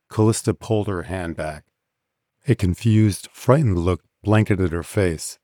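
Steady guy reading an audiobook, lowish warm voice, super dry sound. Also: measured pace, no room sound. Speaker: narrator. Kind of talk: audiobook narration.

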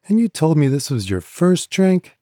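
A playful young barmaid in an audiobook, put on by a man, pitched up a bit, dry sound. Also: very animated, moderate pace, warm tone, no room sound. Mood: teasing. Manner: chatty, playful. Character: friendly young woman bartender, teasing.

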